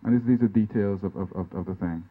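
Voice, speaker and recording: A man from Guyana giving an informal artist's talk over slides, halting with many restarts and tag questions like "right?" and "you know". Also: deep voice. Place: lecture venue. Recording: tinny, phone-like band-limited sound.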